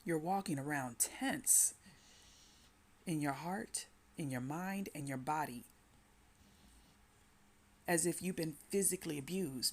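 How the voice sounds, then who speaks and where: Woman giving a slow devotional pep talk. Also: low voice. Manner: slow, repetitive, urging the listener to breathe and pray. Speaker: Christian inspirational speaker.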